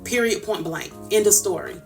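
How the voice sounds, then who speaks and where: A woman's voice: mid-range voice, normal speed, darkish tone, recorded from a distance, faint music behind. A woman livestreamer giving a heated personal callout, emphatic and confrontational, repeating her points for force. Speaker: social media livestreamer.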